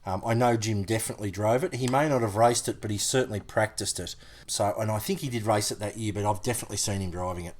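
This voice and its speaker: A man's voice: fairly low pitch, fast. Teasing podcast co-host man. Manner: teasing, playful, with many interruptions. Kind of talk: casual podcast banter.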